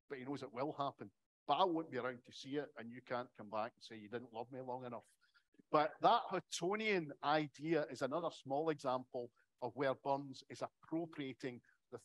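A man's voice: mid-range voice, poor audio. A middle-aged man giving a public academic lecture in a conversational way, with wry asides.

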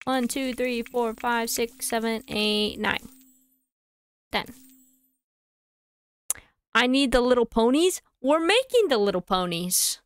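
A woman streamer chatting casually to herself and her audience while playing a game, thinking aloud with quick asides. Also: fairly high pitch, animated, clear, resonant tone.

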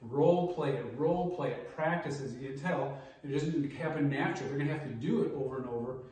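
A man's voice: medium pitch, fairly quick, a little mellow. A middle-aged man teaching a hands-on safety class as a martial arts instructor, coaching and checking in with "okay?" as he demonstrates. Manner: coaching, repeats key steps, brief checks like 'okay?' and 'all right?'. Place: large martial arts training room. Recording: very echoey room, distant mic, faint noise.

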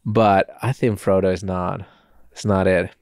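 A man hosting a casual movie-review podcast, animated and quick to laugh, telling stories with restarts. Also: sits low, no room sound, studio quality. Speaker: podcast host.

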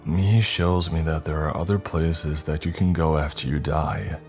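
A man's voice: rumbling low, flat delivery, measured pace, darkish tone, soft background music. A man voicing a frightened young man who is losing his grip, panicked and pleading, breaking into screams, in a horror story. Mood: fearful. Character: frightened, unraveling young man haunted by a presence.

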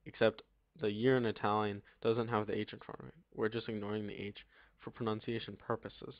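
A young man giving a casual language lesson, pausing often with ums as he works through it, recorded on a computer mic with typing and clicks behind him. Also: lowish voice, gravelly, no echo. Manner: halting, many ums and pauses. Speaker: teacher. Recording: dull lo-fi dry recording.

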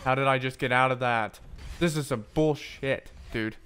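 A young man giving live gameplay commentary, loud, jokey and profane in his reactions. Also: medium pitch, moderate pace, a little hiss or hum. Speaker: streamer.

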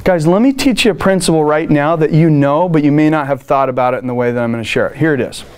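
A man giving a motivational customer service training talk to a live room, energetic and playful, acting out phone calls. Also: a little high, fast, smooth.

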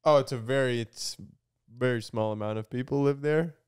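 A young man from Canada co-hosting a podcast, teasing his friend in a deadpan, mock-serious way. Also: medium pitch, moderate pace, clean tone. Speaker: podcast co-host. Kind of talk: casual chat.

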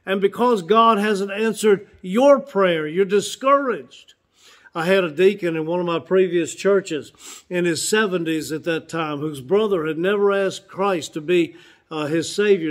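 A man, preaching a sermon as pastor, earnest and slowing down to repeat key phrases for emphasis. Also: sits high.

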